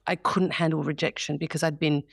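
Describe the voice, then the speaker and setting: An Australian woman in her forties, an actress telling stories in an interview, animated and expressive. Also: low voice, brisk, gravelly, dry recording, clean studio sound. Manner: animated, expressive, acts out quoted voices. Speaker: actress guest. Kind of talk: candid interview storytelling.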